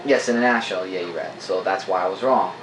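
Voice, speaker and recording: A man's voice: deep voice, fast, noisy background. Eager rambling man in an echoey room. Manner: eager, rambling, many fillers. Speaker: comic book reviewer, co-host. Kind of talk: casual review chat, plot recap. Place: indoor room with a camera.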